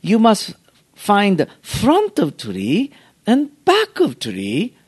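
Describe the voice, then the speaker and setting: Brief: a man playing a wise old bonsai master, high and lilting, clipped broken English. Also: huge pitch swings, drawn-out words, breathy edge, heavily acted. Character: elderly male bonsai master, polite, sage.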